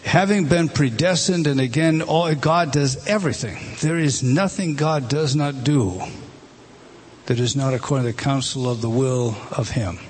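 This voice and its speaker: A man's voice: mid-range voice, slight background noise. A man teaching a Bible passage word by word, starting over often and pointing at a written page. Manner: halting, many restarts, points at a page and rises when stressing a word.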